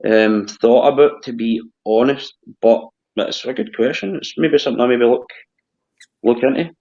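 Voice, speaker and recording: A man's voice: mid-range voice, normal speed, a little mellow. A Scottish man hosting a casual chat, talking hesitantly and often repeating his words. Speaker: host. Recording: dull lo-fi sound.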